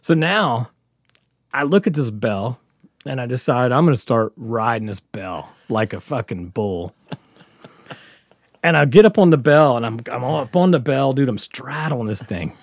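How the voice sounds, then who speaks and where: Podcast co-host, a man in his fifties: animated, profane storyteller with a lively voice, recorded dry. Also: mid-range voice, measured pace, no room sound. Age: 50s. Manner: animated, profane, laughing through a wild story. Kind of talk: casual storytelling chat.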